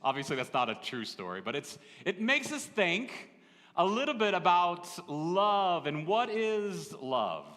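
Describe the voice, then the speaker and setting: Animated man preaching in an echoey hall. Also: sits high, measured pace. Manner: conversational, storytelling with asides to the congregation. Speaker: pastor. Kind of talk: sermon. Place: church sanctuary.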